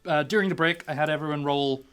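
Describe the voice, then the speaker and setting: A man runs a tabletop game, narrating loosely and laughing often between his lines. His voice sits a little high for a man. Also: fast, a bit bright, clean tone. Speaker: game master.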